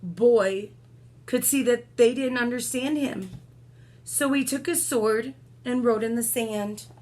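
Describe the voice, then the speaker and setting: Storyteller: woman, high voice, slow and expressive bedtime read-aloud with asides. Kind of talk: reading a picture book aloud.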